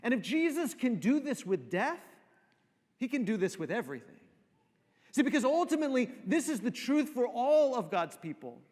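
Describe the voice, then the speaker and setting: A man preaching a sermon, repeating phrases for emphasis and dropping to soft, slow pauses. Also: extremely high pitch, big pitch swings. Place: church sanctuary. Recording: long reverb of a church hall.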